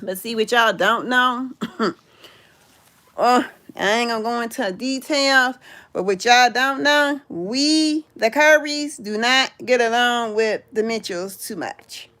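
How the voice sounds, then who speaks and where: A middle-aged woman hosting a casual livestream, chatting with viewers and calling out where they are from. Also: slow. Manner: chatty, reads out viewers' locations, calls out "in the house"; animated, jumps high in pitch when greeting viewers. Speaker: livestream host.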